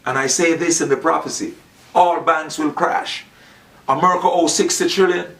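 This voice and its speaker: A man's voice: on the high side, fairly even intonation, normal speed, vocal fry, fairly bright tone. A man talking in a rambling, preachy monologue, acting out the dialogue he quotes. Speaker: Rasta speaker. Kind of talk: casual monologue.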